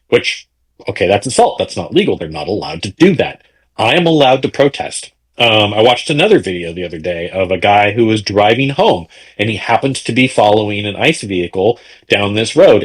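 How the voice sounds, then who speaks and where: A man's voice: fairly low pitch, expressive, moderate pace, husky. A man co-hosting a political podcast, talking in an indignant, questioning way. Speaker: podcast co-host. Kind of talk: casual political chat.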